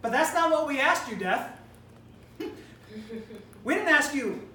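A woman's voice: high-pitched, expressive, a little slow, long pauses, bright, forceful tone. A woman preacher delivering an emphatic, rhetorical sermon in which she challenges death directly. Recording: roomy hall, distant mic, faint ambience.

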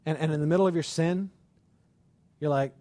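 High-voiced man preaching a sermon. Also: steady tone, very fast, dark tone, no echo. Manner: conversational, with frequent rhetorical questions.

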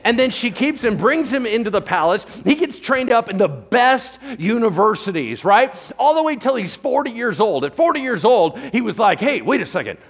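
A male pastor preaching a sermon, telling the story in lively casual slang and often checking in with "right?". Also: extremely high pitch, moderate pace, few pauses.

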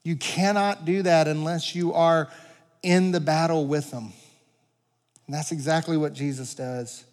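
A man preaching a sermon as pastor, earnest, swelling louder and dropping to quiet emphasis, in a church sanctuary. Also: fairly high pitch, steady tone, measured pace. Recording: long reverb of a large hall.

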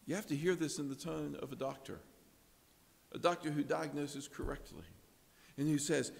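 A man preaching an expository sermon, earnest and swinging from hushed tones to emphatic ones. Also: fairly high pitch, fairly even intonation, normal speed, creaky, pauses often. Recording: long reverb of a large hall.

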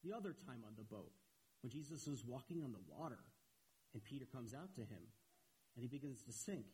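Husky-voiced male preacher. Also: fairly quick, rough recording. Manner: earnest, repeats phrases for emphasis, rises in pitch when animated. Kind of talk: sermon.

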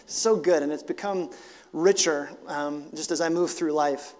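High-voiced pastor preaching in a hall. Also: male voice, normal speed. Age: 40s. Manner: animated, conversational, rising to emphatic outbursts. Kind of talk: sermon.

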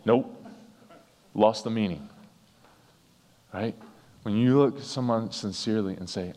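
A man's voice: fairly low pitch, fairly even intonation, unhurried, long pauses, dark tone. A man preaching a sermon to his church, earnest and emphatic, repeating phrases for effect. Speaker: pastor. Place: church sanctuary. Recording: reverberant church hall.

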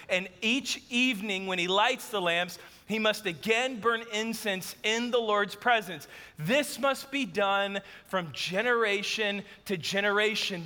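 A man preaching a sermon to a church, telling a lively story about his home. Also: sits high, long reverb tail. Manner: animated storytelling, acts out his wife's voice. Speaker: pastor. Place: church auditorium.

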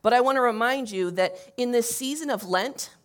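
A woman's voice: fairly high pitch, brisk. A woman pastor giving a conversational sermon to her congregation in church, with frequent fillers and restarts. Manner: conversational, with fillers and self-corrections.

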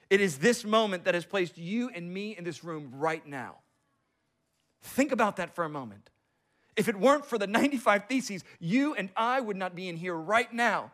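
Male preacher, higher voice, dramatic storytelling sermon, swings from loud to hushed. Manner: storytelling with acted-out quotes and big swings in loudness.

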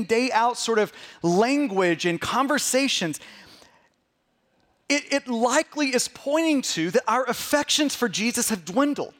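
A middle-aged man delivering a sermon in a notably high voice. He repeats words as he begins his sentences and keeps his delivery animated. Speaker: pastor.

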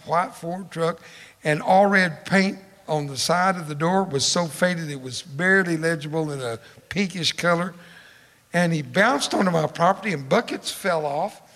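A man, telling a humorous folksy story and acting out the dialogue. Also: a little high. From Texas. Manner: animated, acts out dialogue. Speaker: storyteller speaker. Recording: long hall reverb.

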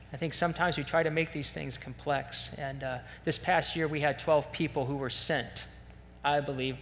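Bright-voiced pastor in a reverberant hall. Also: male voice, medium pitch. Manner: conversational, animated storytelling with self-deprecating asides. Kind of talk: sermon with storytelling. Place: church sanctuary. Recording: long reverb in a large hall, faint hum.

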